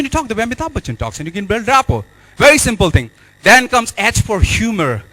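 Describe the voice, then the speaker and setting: High, bright-voiced Indian motivational speaker. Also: male voice, quick pace, rough recording. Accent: Indian English. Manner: energetic, repetitive, exhorting the audience. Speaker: life and business coach. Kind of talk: motivational stage speech. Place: hotel event hall.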